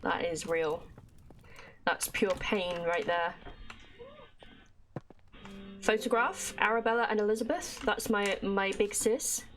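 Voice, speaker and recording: A woman streamer talks through her game in an easy, chatty way, reads the in-game notes and letters aloud, and speaks straight to her chat. Her voice sits at a middling pitch. A faint noise hangs behind her, along with light keyboard clicks. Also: slow pace, long pauses, fairly bright tone. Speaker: livestreamer. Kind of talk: casual gameplay commentary, reading in-game notes aloud.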